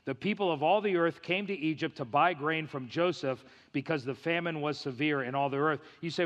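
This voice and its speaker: Bright-voiced preacher man, in a hall. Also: a little high, fairly quick, hardly any pauses, lo-fi sound. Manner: emphatic, rhetorical questions, acts out quoted voices. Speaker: pastor. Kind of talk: expository sermon. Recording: reverberant hall.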